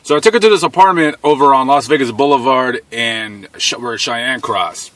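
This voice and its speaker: A man's voice: mid-range voice, moderate pace, a bit bright, dry recording. A man in his thirties telling a personal story in a blunt, profane, casual way, often laughing as he goes.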